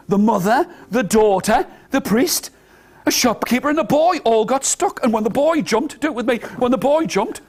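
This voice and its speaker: Animated male storyteller for toddlers. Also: very high voice. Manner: animated, coaxing children to join in. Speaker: children's storyteller. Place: nursery school room.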